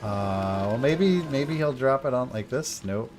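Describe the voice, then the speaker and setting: A man's voice: mid-range voice, animated, measured pace, music in the background. A young man streaming a game, chatting casually in a laid-back, rambling way full of slang. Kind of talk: casual gameplay chat.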